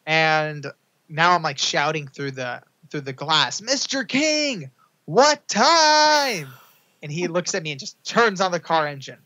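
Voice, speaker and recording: Young man, podcast guest, animated storytelling, bright tense tone, muffled low-fidelity audio. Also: normal speed. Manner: acts out quotes in a high excited voice. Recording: dull lo-fi sound.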